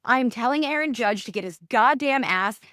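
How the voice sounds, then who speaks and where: A young woman with a New York accent, telling stories in a casual interview, animated and ranting, swearing freely. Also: a little high, brisk, no room sound, clean studio sound. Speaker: guest.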